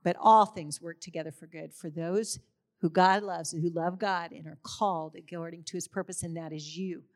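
A woman's voice: on the low side, fairly even intonation, normal speed. A middle-aged woman speaking at a church service, declaring with strong emphasis on repeated words. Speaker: pastor's wife. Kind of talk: sermon.

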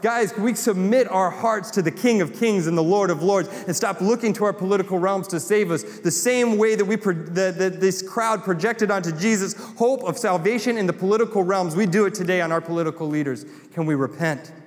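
Southern male pastor, impassioned sermon, slightly high voice, long hall reverb. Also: brisk, few pauses. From North Carolina. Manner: impassioned, builds to emphatic repeated lines.

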